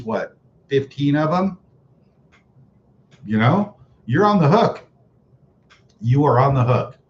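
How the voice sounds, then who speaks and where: A man's voice: mid-range voice, darkish tone. A man hosting a casual livestream, reading viewer comments in a mocking, sarcastic way and chuckling often. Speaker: livestream host reading chat. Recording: dull lo-fi livestream audio with faint noise.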